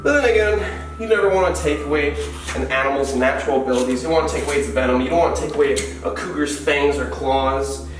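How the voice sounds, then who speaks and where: A man's voice: fairly high pitch, quick pace, few pauses. A man hosting a wildlife vlog, chatting playfully while he cleans enclosures and talks to the animals. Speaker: wildlife keeper and vlog host. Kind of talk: casual narration while working. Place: indoor animal enclosure room. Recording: roomy, distant mic, music underneath.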